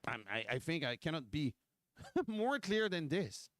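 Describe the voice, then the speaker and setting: Male host, impassioned rant, higher voice, dry close sound. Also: big pitch swings, measured pace, fairly bright tone, no echo. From Quebec. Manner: fiery, repetitive, full of rhetorical questions. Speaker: political livestream host.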